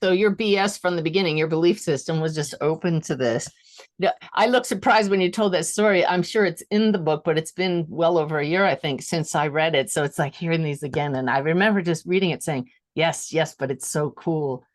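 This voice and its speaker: A woman's voice: deep voice, fairly quick. A woman hosting a podcast interview, enthusiastic and affirming as she responds to her guest. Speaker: podcast host. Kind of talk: interview conversation.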